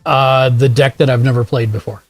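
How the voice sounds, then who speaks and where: A man's voice: mid-range voice, fairly even intonation, brisk, dry recording, faint music behind. A man hosting a casual card game stream, giving patient step-by-step instructions with fillers. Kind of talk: casual chat.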